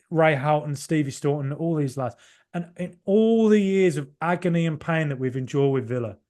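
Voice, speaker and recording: Excited football podcast host, passionate, rambling. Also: male voice, a little high. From Ireland. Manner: rambling, passionate, swings from shouting to muttering. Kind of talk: excited solo match reaction.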